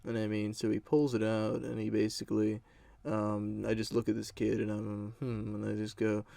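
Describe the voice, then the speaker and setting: A man's voice: fairly low pitch, completely flat delivery, moderate pace, creaky, dark tone, no echo. A young man telling a rambling, profane story in a casual storytime vlog. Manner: rambling, profane, lots of fillers.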